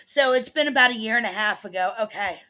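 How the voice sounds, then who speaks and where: A woman reacting to a video in casual commentary, with slow, amused, dry asides. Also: a little high, sharp tone.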